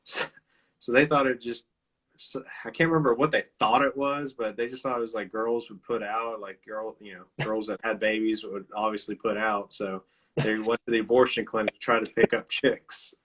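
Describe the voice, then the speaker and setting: A man's voice: fairly low pitch, little pitch movement, moderate pace, fairly bright tone. A man hosting a casual video-call chat, rambling with loose swearing and frequent laughs. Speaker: interview host.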